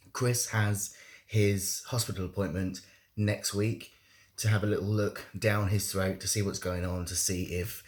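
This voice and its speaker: A man's voice: fairly low pitch, slightly rough. A young man vlogging in a casual, candid way, joking about himself. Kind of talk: casual monthly vlog.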